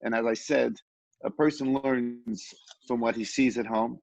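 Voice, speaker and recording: A man teaching a Torah class and telling stories in an unhurried, halting way, with many pauses and restarts. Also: medium pitch, fairly even intonation, gravelly, a little mellow, no echo. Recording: dull, lo-fi, dry sound.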